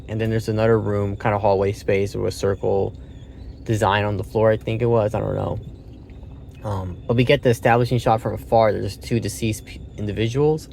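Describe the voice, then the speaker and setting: Gravelly low-voiced man rambling about a film. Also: a little mellow, a little hiss or hum. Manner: rambling, profane, with fillers and restarts. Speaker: film reviewer. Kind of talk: casual spoken movie review.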